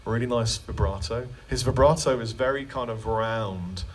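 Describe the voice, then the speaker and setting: A man's voice: mid-range voice, moderate pace, far from the mic. A man leading a guitar clinic in a music store, answering questions in a chatty, joking way. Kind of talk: live clinic Q&A storytelling.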